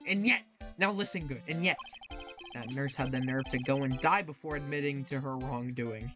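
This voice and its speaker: A man's voice: medium pitch, normal speed, lightly acted. A man reading aloud the lines of an irritable, self-important male surgeon in a game, in a grumbling, indignant way. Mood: grumpy. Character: irritable pompous middle-aged male surgeon. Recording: game music playing underneath.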